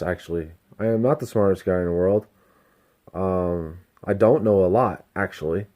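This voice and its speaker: A delivery driver talking casually to camera, candid and self-reflective, rambling and swearing freely. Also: male voice, low-pitched, normal speed, warm tone. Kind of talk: casual self-help vlog monologue.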